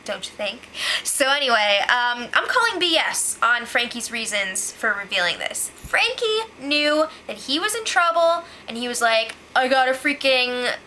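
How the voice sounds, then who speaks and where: Girl doing a casual show recap vlog, high voice, says like constantly, super opinionated. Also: big pitch swings, normal speed, bright, forceful tone, a little hiss or hum. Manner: chatty and opinionated, heavy use of "like".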